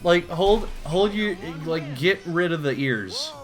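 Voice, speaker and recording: Comedy host reading a comic: profane, rambling, very expressive pitch. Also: male voice, takes it slowly. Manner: rambling, profane, deadpan asides.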